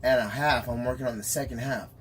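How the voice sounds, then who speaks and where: A man's voice: medium pitch, fast talker, slight background noise. A man telling a story in casual chat, acting out quotes and laughing often. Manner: animated storyteller, acts out quotes, laughs a lot.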